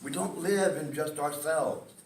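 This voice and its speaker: Man, fairly high voice, emotional, emphatic, echoey meeting hall, distant mic. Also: measured pace, a little hiss or hum. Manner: emotional, emphatic, repeats "okay?". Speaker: community meeting speaker. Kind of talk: public testimony at a meeting. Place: community meeting room. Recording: echoey hall, picked up from afar.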